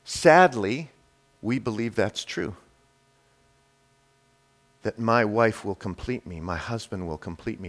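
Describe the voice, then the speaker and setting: A male preacher delivers a sermon, speaking straight to the congregation with rhetorical questions. His delivery swings between forceful, raised declarations and soft, hushed phrases. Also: mid-range voice, very animated, measured pace, pauses often. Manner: emphatic, shifts between loud declarations and quiet hushed lines.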